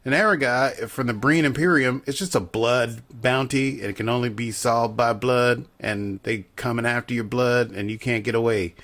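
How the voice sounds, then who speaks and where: A man's voice: medium pitch, a bit bright. A man co-hosting a podcast, chatting casually and jokily as he recaps a TV episode with asides. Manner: chatty and jokey, riffing with asides. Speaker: podcast co-host.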